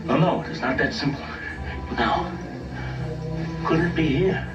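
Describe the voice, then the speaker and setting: An actor playing an eccentric, theatrical guru who speaks in lofty, drawn-out pronouncements, heard from a film soundtrack. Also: male voice, on the high side, distant mic, highs cut off, lightly acted. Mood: mystical. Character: eccentric adult male guru, mystical and theatrical. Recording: roomy film soundtrack with loud music.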